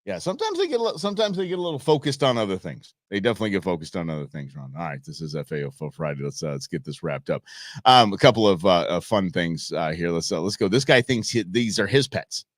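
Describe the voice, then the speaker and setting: Brief: a male live-show host, animated and joking, with a lively voice recorded dry and close. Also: low-pitched, fast, no echo. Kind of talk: live show commentary on videos.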